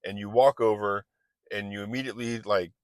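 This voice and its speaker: Lower-voiced man, loose motivational chat. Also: fairly even intonation, a little fast, clear, resonant tone, no room sound. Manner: loose and chatty, restarts a lot, acts out little quoted exchanges. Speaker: online business coach. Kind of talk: casual motivational talk.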